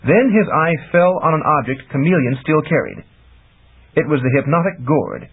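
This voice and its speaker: A man narrating a fantasy audiobook in a lively, expressive reading, heard over tinny phone-like audio. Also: a little high, normal speed, slightly rough.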